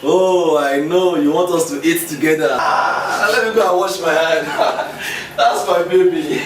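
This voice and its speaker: A man in a comedy skit, an excitable football fan shouting at the screen. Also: a little high, takes it slowly. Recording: echoey room, mic far off, noisy.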